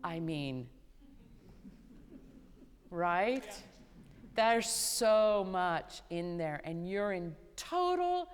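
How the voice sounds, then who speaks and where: A woman teaching a vocal master class, animated and playful, who often sings short phrases to show what she means. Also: fairly low pitch, clear, resonant tone. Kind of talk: coaching a singer in a master class. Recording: hall reverb, live concert hall.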